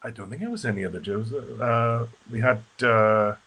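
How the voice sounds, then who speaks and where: A man's voice: medium pitch, normal speed, a bit bright, husky. A man, a stage actor guest in a casual live video interview, who talks in a chatty, rambling way full of fillers and restarts. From Wales.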